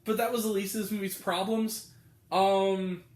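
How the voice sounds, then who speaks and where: A man's voice: high-pitched, level tone, moderate pace, a little mellow, echoey room. A man giving a casual, exasperated spoken film review, rambling with lots of fillers. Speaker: movie reviewer.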